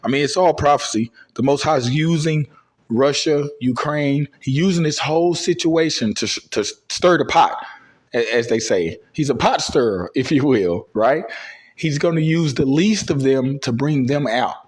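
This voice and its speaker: A man with a somewhat high voice teaches scripture casually, slowing down for the verses. His voice is wearing thin and a little hoarse. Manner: loose and conversational, drops verbs, reads scripture slowly. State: losing his voice. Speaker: religious teacher.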